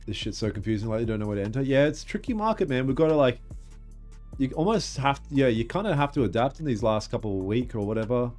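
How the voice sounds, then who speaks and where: A man's voice: medium pitch, lively intonation, fast, darkish tone, soft background music. A young man, chatting casually and swearing while he trades live on stream. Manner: laid-back, swears casually, reacts and laughs at clips. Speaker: livestream trading host. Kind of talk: casual livestream chat.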